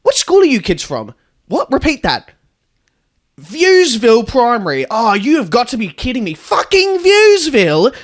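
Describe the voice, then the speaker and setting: A man's voice: very high voice, huge pitch swings, moderate pace, exaggerated voice. A man voicing a blind, foul-mouthed female bus tour guide in a comedic storytelling podcast. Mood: furious, insulting. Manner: swings from chirpy guide patter to furious swearing.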